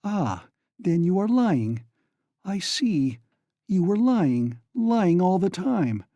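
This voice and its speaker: A man's voice: a little high, lively intonation, measured pace, dark tone, no room sound, clean studio sound, voice pushed up. A man voicing a desperate young woman. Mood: accusing. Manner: frantic, raised voice.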